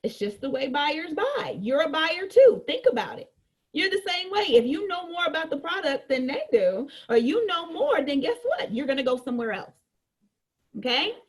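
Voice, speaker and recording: A woman with a high voice leads a sales training session. She talks straight to her audience in a lively, chatty way. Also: moderate pace. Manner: lively, conversational, addresses listeners directly.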